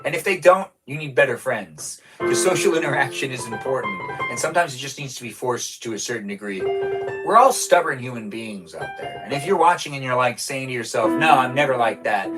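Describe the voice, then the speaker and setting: A man's voice: expressive, brisk. Playful rambling male streamer over music. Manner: rambling, playful and high-energy. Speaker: live streamer. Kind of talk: casual live-stream chat while gaming. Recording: clear background music.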